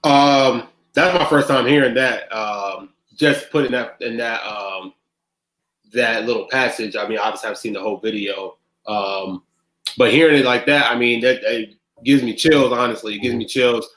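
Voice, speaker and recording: A man talking as a podcast guest, halting and reflective, with frequent pauses. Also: mid-range voice, fairly bright tone, reverberant, rough recording. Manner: halting, many pauses and fillers. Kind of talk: emotional discussion.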